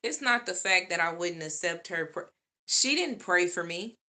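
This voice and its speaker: A woman's voice: lowish voice, animated, moderate pace, bright, forceful tone. A woman vlogger in a casual monologue, talking straight to her viewers and repeating points for emphasis.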